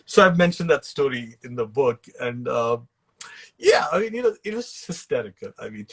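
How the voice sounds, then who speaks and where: A man's voice: mid-range voice, big pitch swings, normal speed, slightly rough. A man with an Indian English accent, a guest actor and author on a video call, telling funny stories with laughs and bits of Hindi. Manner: laughs while telling anecdotes, mixes in Hindi phrases. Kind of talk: relaxed storytelling in an interview.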